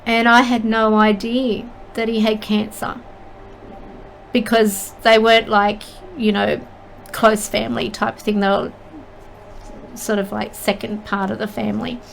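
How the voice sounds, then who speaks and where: A middle-aged woman speaks as a spiritual medium, sharing her experiences with a heartfelt, halting sincerity. Her voice sits a little high and moves at an unhurried, deliberate pace. A faint hum of room sound lingers behind her. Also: flat delivery, vocal fry, poor audio. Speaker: spiritual medium and channel host. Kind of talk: earnest personal storytelling.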